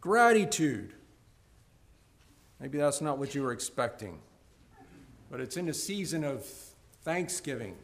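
A man preaching a sermon to a congregation. He swings between loud, emphatic peaks and low, soft stretches, and often repeats words as he restarts. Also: big pitch swings, a little slow, creaky, long pauses.

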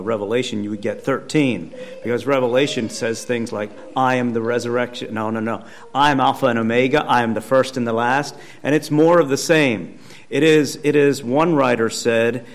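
Male pastor, mid pitch, casual teaching sermon, repeats words for stress. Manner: conversational, emphatic repetition.

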